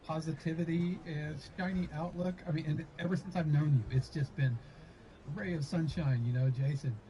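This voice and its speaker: A man's voice: a little high, steady tone, moderate pace, mellow, a little hiss or hum, low-quality recording. A man hosting an interview, asking friendly, rambling questions. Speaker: interview host.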